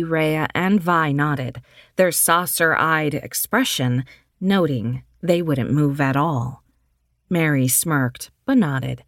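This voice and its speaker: A woman narrating an audiobook in a measured, steady reading. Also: sits low, no room sound, studio quality.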